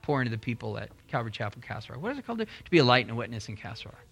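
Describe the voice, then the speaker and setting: A man preaching a Bible sermon with a bright, forceful voice. He teaches conversationally and swings into loud, high-pitched bursts when he acts out inner arguments. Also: sing-song, racing, hardly any pauses. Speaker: pastor.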